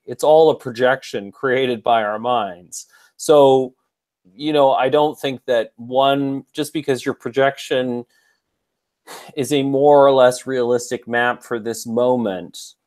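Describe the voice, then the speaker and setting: A man hosts a casual book club call, working through his ideas aloud in a thoughtful, unhurried way. He laughs easily between points. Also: mid-range voice, darkish tone. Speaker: podcast host. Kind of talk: casual group discussion.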